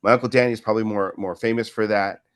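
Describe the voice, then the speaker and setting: A man's voice: fairly low pitch, steady tone, fast. A man in his fifties, a martial arts instructor telling long, rambling stories in an interview and often adding "right?" to what he says. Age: 50s. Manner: rambling, with frequent "right?" tag questions. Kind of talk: casual storytelling in an interview.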